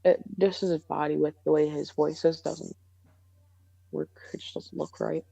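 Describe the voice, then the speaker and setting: Young woman, low pitch, mellow, rambling casual podcast chat with many fillers. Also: little pitch movement, normal speed, gravelly, no room sound, poor audio. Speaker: podcast co-host.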